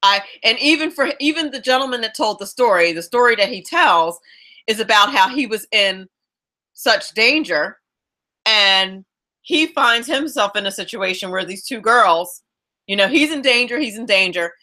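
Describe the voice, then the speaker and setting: A woman from South Jersey hosts a talk radio show, telling stories in a loose, chatty way and stumbling through restarts. Her voice is bright and forceful. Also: on the high side, animated, normal speed. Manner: warm chatty storyteller, many restarts, laughs easily. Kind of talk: casual radio interview chat.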